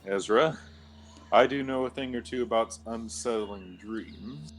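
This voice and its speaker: A man's voice: mid-range voice, measured pace, slight background noise. A man playing his character in a tabletop game, speaking in a polite, courteous way. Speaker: player. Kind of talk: in-character tabletop role-play.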